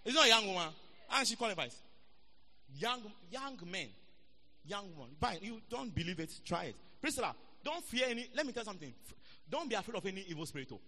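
A man's voice: high voice, bright, forceful tone, big-room sound. A man preaching a sermon, playful and teasing, repeating words for emphasis. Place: church hall.

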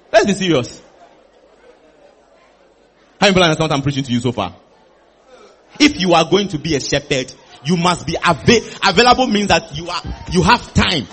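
A male preacher with a high, husky voice delivers an animated sermon. He repeats phrases for emphasis and slips into playful acted-out conversations with the congregation. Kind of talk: lively sermon with acted dialogue.

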